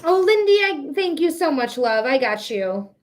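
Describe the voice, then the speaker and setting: Young female live-stream host with a high voice, casual and exasperated, talking straight to her chat. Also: very animated, moderate pace. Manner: frustrated, swearing, talking to chat. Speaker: psychic reader hosting a live stream.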